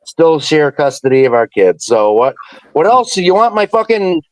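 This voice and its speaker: A man's voice: a little high, sing-song, moderate pace, no echo, low-quality recording. A man from Wisconsin, blunt and defensive in casual comedy banter.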